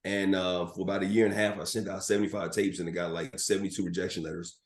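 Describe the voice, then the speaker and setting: Low-voiced man telling lively stories. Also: fast talker. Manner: animated anecdotes with filler words. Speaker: sports broadcaster, guest. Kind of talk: storytelling in a podcast interview. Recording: roomy echo.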